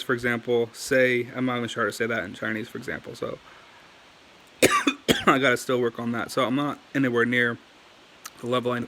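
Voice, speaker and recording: A man's voice: medium pitch, fairly bright tone, a little hiss or hum. A man casually talking to camera about learning written characters, rambling and filling his speech with "like" and "um," with a cough now and then. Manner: rambling, heavy on "like" and "um". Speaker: language learner sharing tips.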